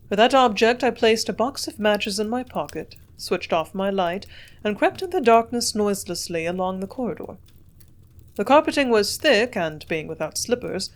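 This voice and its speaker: Woman narrating a classic novel, measured. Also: medium pitch. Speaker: audiobook reader.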